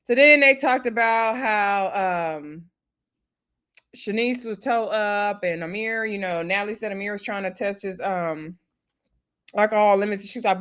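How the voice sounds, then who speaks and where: A woman giving a casual, gossipy recap of a reality show, animated and quick to laugh. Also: mid-range voice, clear, resonant tone.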